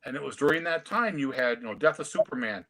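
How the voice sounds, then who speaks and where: A man, telling stories in a casual, animated way on a video call. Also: mid-range voice, quick pace. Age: 50s. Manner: storytelling, animated. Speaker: comic collector guest. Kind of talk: casual chat.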